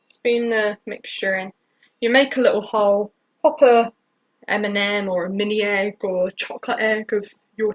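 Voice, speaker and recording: A woman's voice: medium pitch, a bit bright. A British woman hosting a casual live baking tutorial from her home kitchen, rambling with many fillers and restarts. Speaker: baking stream host. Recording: dull lo-fi stream audio.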